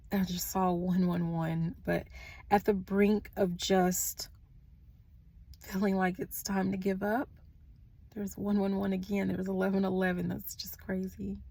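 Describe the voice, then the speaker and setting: Speaking into a phone from a room indoors, a woman channels a spiritual message with a slow, soft-spoken earnestness, at times fading to hushed tones. Her voice is mid-range with some vocal fry.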